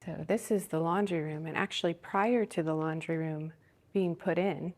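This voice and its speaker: A woman vlogger giving steady, informative narration on a tour of an old prison. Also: deep voice, moderate pace.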